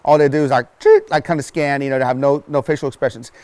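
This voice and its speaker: A man's voice: mid-range voice, flat delivery, fast, a little mellow, dry recording. A man hosting a podcast interview, asking questions casually with many fillers and restarts. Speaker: podcast host.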